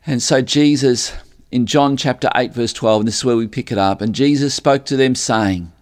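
A man preaching a sermon, speaking slowly and deliberately and lifting his voice on quoted lines. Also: mid-range voice, a little mellow. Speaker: pastor.

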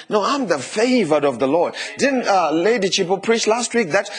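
A male pastor preaching a lively sermon, often turning to the congregation with asides and questions. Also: fairly high pitch, normal speed, hardly any pauses.

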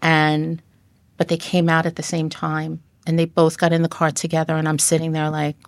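Middle-aged woman, podcast guest; low voice, earnest, halting storyteller; dry close sound. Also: completely flat delivery, no room sound. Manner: earnest, halting, with frequent restarts. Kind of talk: personal storytelling in conversation.

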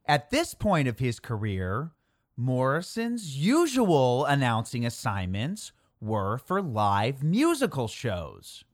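A narrator who tells history conversationally and talks straight to the listener. The pace is slow and unhurried, while the pitch rises and falls a lot. The recording is dry and close, with no room echo. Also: huge pitch swings. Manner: unhurried, addresses listeners directly.

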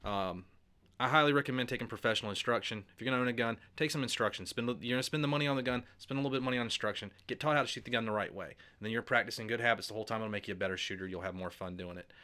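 A man's voice: mid-range voice, very fast, pushed and bright. A man talking as a podcast guest in casual conversation, enthusiastic and encouraging.

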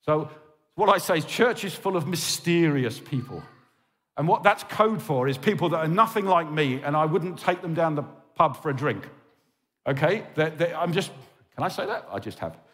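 A pastor from England gives a sermon in a reverberant hall with a fairly high voice, lively intonation and a moderate pace. He pleads passionately and keeps checking in with listeners by saying "okay?"

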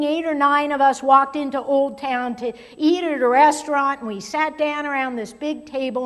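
Expressive woman preaching in a reverberant church. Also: high voice. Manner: expressive, swings between loud emphasis and near-whispered asides. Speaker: pastor. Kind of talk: sermon. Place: church sanctuary. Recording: long hall reverb.

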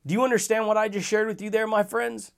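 A man's voice: sits high, flat delivery, fast talker, vocal fry, smooth. A man hosting a motivational podcast monologue, talking in a casual, slangy and enthusiastic way, with frequent chuckles. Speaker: podcast host.

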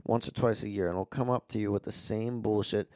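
A man's voice: fairly low pitch, steady tone, fairly quick, a little mellow, no room sound, studio quality. A young man, chatting casually as a podcast co-host and telling blunt, profane anecdotes. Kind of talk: casual chat.

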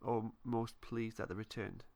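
Man, podcast co-host, casual chat, relaxed recap, trailing off. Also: lowish voice, measured pace, gravelly.

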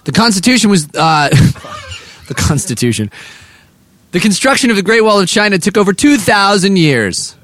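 A man's voice: high-pitched, huge pitch swings, moderate pace, a bit bright. A man hosting a comedy show, rambling playfully through his jokes and poking fun at himself. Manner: playful, rambling, self-mocking. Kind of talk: comedic banter.

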